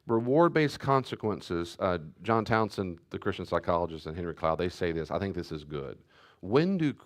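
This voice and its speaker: A deep-voiced middle-aged pastor teaches a church class conversationally, repeating his key points and restarting sentences as he goes.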